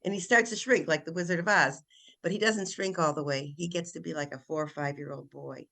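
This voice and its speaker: An older woman, a children's author, chatting in an interview and retelling her story in an animated way with frequent restarts. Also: deep voice, fairly quick, gravelly. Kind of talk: casual interview chat.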